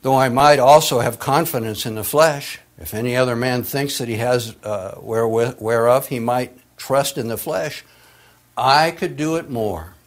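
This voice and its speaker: A man delivering a sermon at a middle pitch. His voice drops low and quiet for reflective points and rises loud and urgent for emphasis. He leans on dramatic pauses between phrases. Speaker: preacher.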